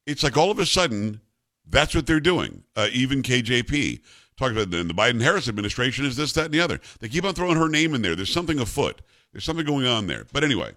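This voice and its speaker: A man's voice: mid-range voice, big pitch swings, quick pace, fairly bright tone. A man in his fifties hosting a talk radio show, giving opinionated commentary in an emphatic, conversational way and mixing in personal stories.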